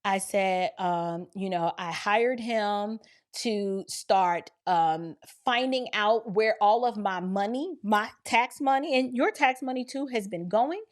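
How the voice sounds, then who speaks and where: A woman from Georgia telling a story in lively casual speech, acting out the dialogue and talking to listeners as y'all. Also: mid-range voice, slow pace. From Georgia, near Atlanta. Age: adult with children. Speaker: storyteller recounting an encounter.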